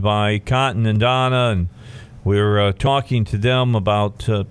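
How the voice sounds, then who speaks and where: Guy hosting a talk radio show, lowish voice, lots of uh and you know. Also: fairly even intonation, clear, resonant tone. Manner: conversational, halting with frequent fillers, upbeat station breaks.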